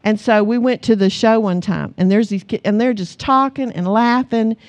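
A woman's voice: on the high side, normal speed. A middle-aged woman preaching a sermon, telling family stories with laughter and calling the congregation to answer amen. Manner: animated storytelling, calls the congregation for amens; laughs often as she tells stories.

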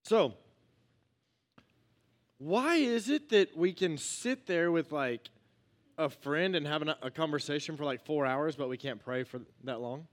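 A young pastor with a slightly high voice and lively intonation preaches a casual, joking sermon in church. He talks to the congregation like friends and acts out little quotes, keeping a measured pace and pausing often.

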